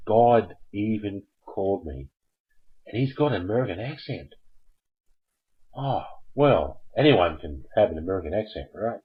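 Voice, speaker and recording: A man's voice: fairly low pitch, big pitch swings, normal speed, husky, highs cut off. An Australian man hosting a live call-in show, joking and rambling and laughing at his own jokes. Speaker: host.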